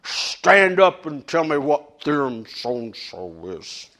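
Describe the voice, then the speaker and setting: A man imitating a dull, monotone male geometry teacher calling on a student. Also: on the high side, slow pace, heavily acted. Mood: stern.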